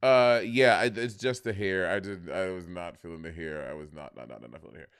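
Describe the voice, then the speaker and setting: A man's voice: sits low, fairly quick, a bit bright, clean tone, no room sound, studio quality. A man co-hosting a casual chat, sassy and chatty, often laughing. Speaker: co-host.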